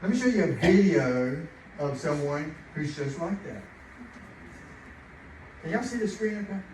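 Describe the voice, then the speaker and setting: Male preacher, fairly high voice, distant mic, very echoey room, noisy. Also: measured pace. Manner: chatty, animated, laughing at his own stories. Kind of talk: sermon with personal stories.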